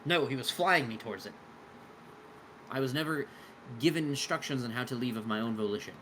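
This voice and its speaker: A man's voice: mid-range voice, fairly quick, fairly bright tone, a little hiss or hum, lightly acted. A man voicing an aggrieved male devil who insists his contract was broken, with a put-on Southern US accent. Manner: insistent, formal complaint.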